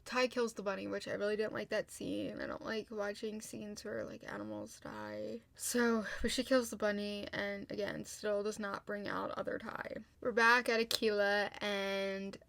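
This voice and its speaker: A woman's voice: mid-range voice, little pitch movement, normal speed, vocal fry, hardly any pauses, a bit bright, dry recording. A young woman casually recapping a TV episode, chatty, swearing often and filling her sentences with "like.". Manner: chatty, heavy "like" fillers, frequent swearing. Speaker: TV show recapper.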